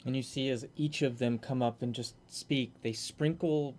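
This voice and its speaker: A man's voice: medium pitch, fairly even intonation, normal speed, a little mellow, a little hiss or hum. A man narrating a tabletop game in a casual, descriptive way.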